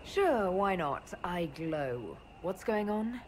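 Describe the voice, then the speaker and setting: A woman's voice: lowish voice, very animated, slow, a little mellow, a little hiss or hum. An actress voicing a direct, questioning female protagonist in a video game. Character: earnest female heroine, the game's protagonist.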